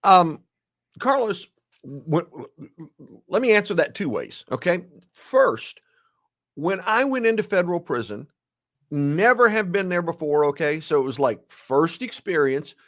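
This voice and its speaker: A man in his sixties, a guest telling a story in a lively, dramatic way and acting out the quotes. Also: on the high side, a little slow. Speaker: guest, ethics speaker. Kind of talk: animated storytelling.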